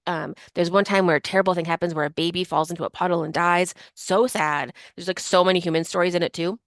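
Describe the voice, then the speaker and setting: A woman's voice: lowish voice, steady tone, fast, no echo. A woman from Chicago co-hosting a podcast, chatting casually and rambling with lots of fillers. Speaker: podcast co-host. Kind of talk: casual chat.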